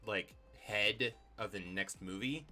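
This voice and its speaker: Bright, rambling man with music behind. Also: lowish voice, slow pace. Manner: animated, rambling with many fillers. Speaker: trivia co-host. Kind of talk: casual chat.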